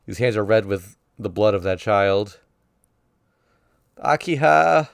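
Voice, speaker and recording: A man's voice: on the low side, level tone, normal speed, smooth, dry recording, studio quality. A man reading a visual novel aloud on stream, narrating casually in the first person. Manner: casual first-person narration that voices sound effects playfully.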